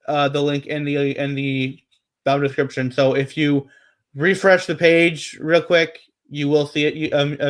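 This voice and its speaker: A man chats casually, his voice sitting a little higher than most men's. He rambles, trailing off with frequent ums and restarting sentences as he thinks aloud. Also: a bit bright. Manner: rambling, many fillers and restarts. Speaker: wrestling predictions co-host. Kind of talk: casual chat.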